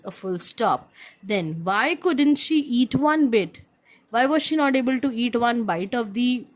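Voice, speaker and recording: A woman with an Indian accent teaching a class of young children, patiently repeating instructions, spelling words out and switching between English and Hindi. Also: fairly high pitch. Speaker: primary school teacher.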